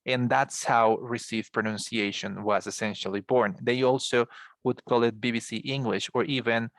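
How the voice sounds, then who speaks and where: A Colombian man with a Spanish accent teaches English over a video call in a patient, explanatory lecture style, often restarting his sentences. His voice sits at a middle pitch, and the sound is dry and close with no room echo. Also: fairly even intonation, normal speed, fairly bright tone. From Colombia, from Bogota. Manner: explanatory, addresses students as guys, frequent restarts. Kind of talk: online class lecture.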